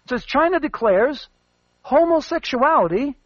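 A man's voice: very high voice, expressive, moderate pace, no echo, highs cut off. A man hosting a commentary show, rambling and emphatic with many fillers. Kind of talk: casual spoken commentary.

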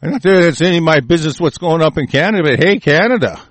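Speaking fast and expressively in a fairly high voice with no room sound, an American man unleashes a profane political rant. He is furious, swearing and yelling threats again and again.

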